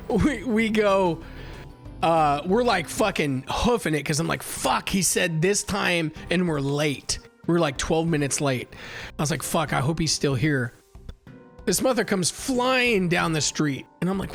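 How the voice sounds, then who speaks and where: A man with a fairly high voice chats on a livestream, spinning a rambling travel story full of swearing and restarts. Faint music plays behind him as he talks into a desk mic. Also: lively intonation, a little slow, vocal fry, a bit bright. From United States. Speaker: livestream host. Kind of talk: casual chat.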